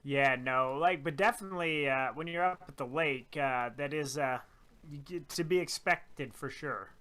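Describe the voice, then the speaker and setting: A man's voice: fairly high pitch, moderate pace, fairly bright tone, clean tone. A man co-hosting a radio show, joking and chiming in with short reactions. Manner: joking, interjecting. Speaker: radio co-host. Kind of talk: casual radio banter.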